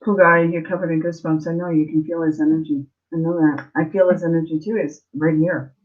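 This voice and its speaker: Halting, tender-voiced woman psychic. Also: sits low, little pitch movement. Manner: halting, repeats phrases, many fillers; tender, emotional. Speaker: psychic reader hosting a live Q&A. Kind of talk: live-stream spiritual reading. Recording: slightly muffled lo-fi stream audio.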